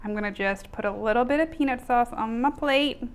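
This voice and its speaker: A woman's voice: a little high, brisk, a little hiss or hum. A woman host presenting a food review, upbeat and speaking to the camera.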